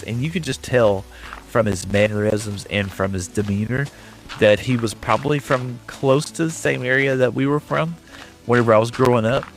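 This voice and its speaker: A man from West Texas with a Texan accent, casually chatting and telling stories to viewers while playing a game. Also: mid-range voice. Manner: rambling storyteller, chatting with viewers. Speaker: streamer. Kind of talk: casual chat while gaming.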